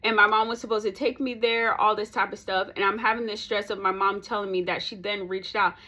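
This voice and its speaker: Bright-voiced young woman telling a story. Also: mid-range voice, fairly quick. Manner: animated, ranting, laughs between lines. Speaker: vlogger. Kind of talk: casual storytime chat.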